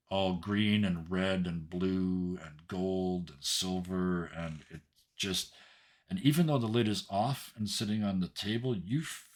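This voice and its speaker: A man narrating as game master of a tabletop game in a halting, descriptive way. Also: deep voice.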